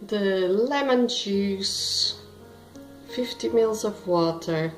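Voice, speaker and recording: A woman's voice: mid-range voice, drawn-out words. A woman hosting her own cooking video at home, chatting to the viewer with self-deprecating asides as she works through a recipe. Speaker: cooking show host. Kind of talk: casual cooking demonstration. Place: home kitchen. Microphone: self-filmed camera. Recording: roomy echo, faint background music.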